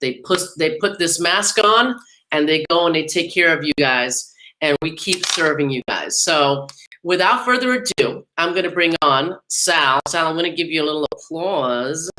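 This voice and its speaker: A woman's voice: low-pitched, animated, normal speed, bright, forceful tone. A middle-aged woman hosting a podcast in an upbeat, chatty way, laughing often. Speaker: podcast host. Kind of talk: casual podcast talk.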